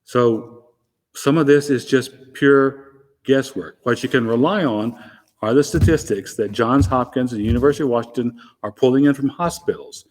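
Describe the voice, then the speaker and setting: A man from Arkansas with a softened Southern accent, a guest explaining things in a measured way with dry wit. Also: medium pitch, big-room sound. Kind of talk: interview answers.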